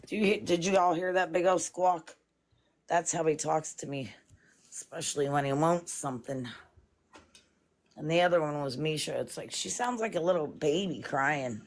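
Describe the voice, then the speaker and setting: A woman's voice: low voice, normal speed. A woman, chatting casually on a livestream from her home kitchen and talking in long, rambling stretches. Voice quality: rambling, fond of "it's like".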